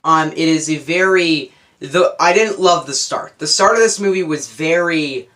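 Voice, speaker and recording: A man's voice: on the high side, measured pace, bright, forceful tone. A young man giving a casual, unscripted movie review, rambling and correcting himself as he goes. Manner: rambling, self-correcting, enthusiastic.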